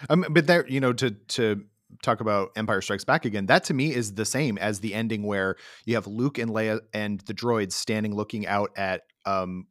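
A man's voice: fairly low pitch, normal speed, no room sound, studio quality. A man hosting a podcast in an easygoing, joking way with hesitant fillers. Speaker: podcast host. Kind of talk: casual podcast chat.

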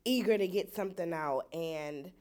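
A woman's voice: lowish voice, moderate pace, a little mellow, slight background noise. A woman speaking in a casual group discussion, describing herself as bubbly and eager.

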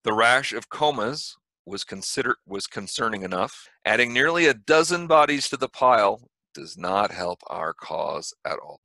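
Guy doing a smooth polite stranger in a fedora, calm and cold, bright dry sound on a video call. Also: fairly low pitch, no room sound, full character voice. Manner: calm, measured, coldly polite. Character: formal mysterious male stranger in a fedora.

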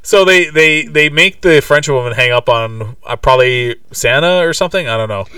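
Casual podcast co-host, male, mid pitch, recounts plots with frequent "um"s, distant dry recording. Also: moderate pace, pushed and bright, clear, resonant tone, no echo. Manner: rambling, many fillers and restarts. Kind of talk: casual chat retelling a movie.

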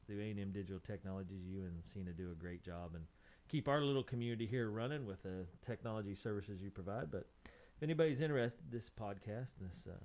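A man's voice: lowish voice, darkish tone, muffled recording. A man hosting a casual podcast, chatty and rambling, joking and laughing often. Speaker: podcast host. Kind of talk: casual chat.

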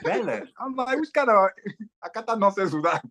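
A man's voice: high voice, expressive, fairly quick, a bit bright, no echo. A man co-hosting a podcast in casual chat, teasing playfully and calling others bro and cuz. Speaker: podcast co-host.

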